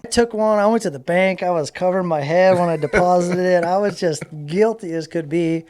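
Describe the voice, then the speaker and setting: A man with a voice sitting a little higher than most, telling a personal story in a loose, rambling way. His talk is full of fillers like "like" and "you know". It sounds like an unscripted guest recounting something that happened to him. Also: brisk, few pauses, darkish tone. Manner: rambling, filler-heavy retelling with lots of "like". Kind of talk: casual storytelling.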